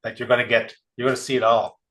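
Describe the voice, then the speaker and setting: A man hosting an interview about a tour, relaxed and affirming. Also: mid-range voice, fast talker, low-quality recording. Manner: relaxed, short affirming replies. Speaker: host. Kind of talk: casual interview chat.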